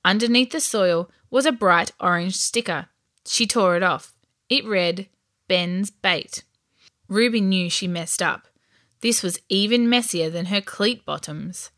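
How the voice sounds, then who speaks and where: A woman narrating a children's storybook in a lively, expressive way. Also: mid-range voice, unhurried, dry recording, studio quality.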